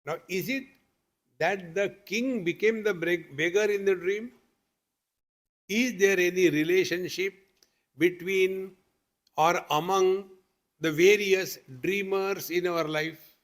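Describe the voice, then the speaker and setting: Male swami, slow and patient spiritual talk with gentle humor, somewhat high-pitched. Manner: patient, questioning, with homely examples and light humor. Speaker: swami teaching at a meditation retreat. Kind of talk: spiritual discourse.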